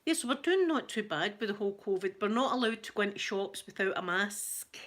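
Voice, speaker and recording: A woman's voice: medium pitch, animated, fairly quick, fairly bright tone. Chatty Scottish woman, giggly. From Scotland. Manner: chatty, giggly, self-deprecating. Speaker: ASMR channel host. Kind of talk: casual live chat reading comments.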